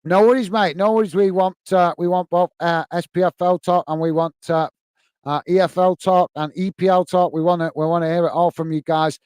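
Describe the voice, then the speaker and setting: A man's voice: sits high, steady tone, fairly quick, darkish tone, smooth, no room sound. A man from the UK hosting a live football fan stream, chatting casually and thanking viewers for their comments. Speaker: football channel host. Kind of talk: live stream chat reading.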